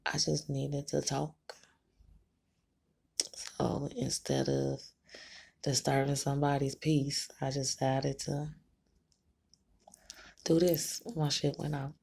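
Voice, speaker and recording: A woman's voice: very deep voice, little pitch movement, slow pace, vocal fry, long pauses, dark tone, slightly rough. A woman vlogger talking candidly to the camera, chatty and frank, swearing freely and laughing between thoughts. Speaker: tarot-reading vlogger. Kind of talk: candid personal talk to camera.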